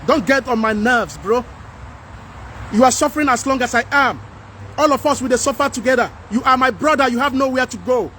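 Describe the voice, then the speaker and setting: A man with a Nigerian accent hosting a livestream, talking to viewers and reading their comments in an animated, pleading way. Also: extremely high pitch, fairly quick, slight background noise. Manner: animated, pleading, mixes in Pidgin. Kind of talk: casual livestream talk.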